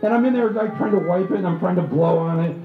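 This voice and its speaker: A middle-aged man from Michigan, USA, speaking at a book tour event, gives a comic political talk to a live audience in an auditorium, joking and acting out little voices and asides. His voice is high and fast. The recording is an echoey hall, slightly dull and live, with slight background noise.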